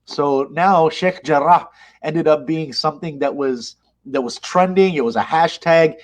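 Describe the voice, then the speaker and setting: Impassioned man, fairly high voice. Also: a little slow. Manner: impassioned, emphatic, animated retelling. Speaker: interview guest, mosque leader. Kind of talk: conversational interview.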